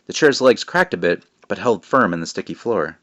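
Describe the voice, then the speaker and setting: A man, the author, reading his children's book aloud with lively narration. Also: fairly low pitch, normal speed, muffled recording.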